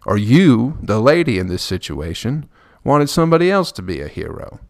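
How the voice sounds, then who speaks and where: A man's voice: mid-range voice, very animated, normal speed, gravelly, a little mellow, dry recording, studio quality. A man hosting a podcast, rambling through a profane comedic monologue and laughing at his own jokes. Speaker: podcast host.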